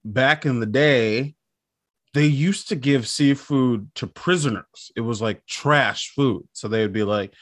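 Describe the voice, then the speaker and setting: A man's voice: mid-range voice, a little slow, no echo, clean studio sound. A man telling rambling, self-mocking stories in a casual podcast chat.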